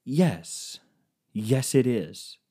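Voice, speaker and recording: Animated young man rambling into a podcast mic. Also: medium pitch, drawn-out words, husky. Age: 20s. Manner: rambling, self-mocking storytelling with swearing. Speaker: podcast host. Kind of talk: casual comedic monologue. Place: indoors at home. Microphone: microphone hooked up to a computer.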